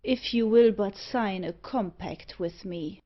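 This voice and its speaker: A woman voicing a suave, wealthy male tempter with a mocking, devilish air, delivering his lines slowly and deliberately. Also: medium pitch. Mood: smooth. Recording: dull lo-fi audiobook recording.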